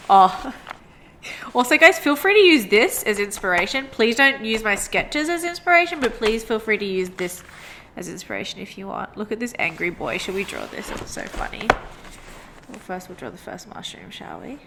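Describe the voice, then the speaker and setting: A woman's voice: mid-range voice, big pitch swings, normal speed, vocal fry, heavy background noise. A young woman illustrator chatting casually to viewers while she sketches, rambling and full of "like" fillers. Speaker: illustrator and vlogger. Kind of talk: casual sketch-and-chat monologue. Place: home desk by a sunny window.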